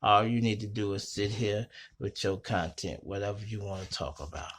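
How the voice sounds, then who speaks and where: A middle-aged man hosting his own show from a small home studio, telling stories in a slangy, profane, animated way. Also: lowish voice, moderate pace. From Chicago. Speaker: host. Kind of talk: casual storytelling monologue.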